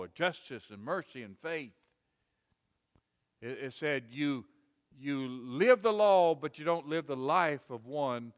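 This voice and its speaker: Folksy preacher in a reverberant church. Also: male voice, medium pitch, fairly bright tone. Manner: folksy, repetitive, rising to emphatic quoted rebukes. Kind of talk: sermon. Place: church sanctuary.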